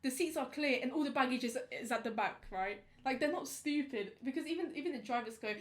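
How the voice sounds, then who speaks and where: A young woman, casually telling a story on a podcast in slangy, animated talk. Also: sits high, fairly quick, few pauses. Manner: animated, slangy, acts out quotes. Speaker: podcast co-host.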